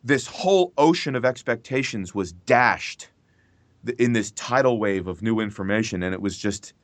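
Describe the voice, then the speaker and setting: A male voice actor as a podcast guest, telling animated stories and swearing freely. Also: fairly low pitch, normal speed, no echo. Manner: animated storyteller, swears freely, acts out his own reactions. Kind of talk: casual podcast interview.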